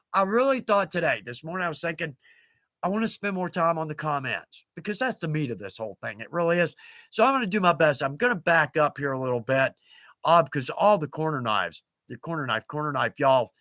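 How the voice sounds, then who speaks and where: A man's voice: high-pitched, pushed and bright, no room sound. Chatty folksy man. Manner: chatty, folksy, laughs often. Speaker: livestream host. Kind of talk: casual livestream chat.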